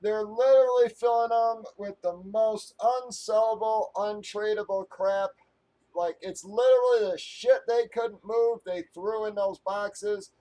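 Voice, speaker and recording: A man's voice: high-pitched, fairly even intonation, unhurried, mellow, poor audio. A man hosting a live stream, ranting angrily to his viewers, swearing often and rambling with restarts. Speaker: live stream host breaking sports card boxes.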